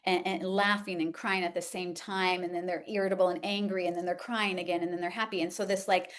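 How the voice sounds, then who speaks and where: A woman's voice: lowish voice, little pitch movement, fairly quick. A middle-aged woman teaching in a conversational lecture, with many fillers and "like". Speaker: homeopathy educator. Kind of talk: informal lecture.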